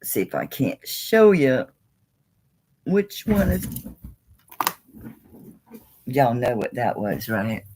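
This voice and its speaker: A woman's voice: rumbling low, sing-song, takes it slowly, long pauses, darkish tone, slight background noise, rough recording. A woman, chatting casually and folksily as she sells jewelry on a live stream.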